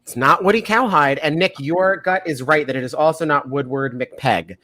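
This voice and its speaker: A man's voice: a little high, normal speed. A man hosting a playful quiz game on a video call, teasing his guests. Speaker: host. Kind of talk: game-show style hosting on a live stream.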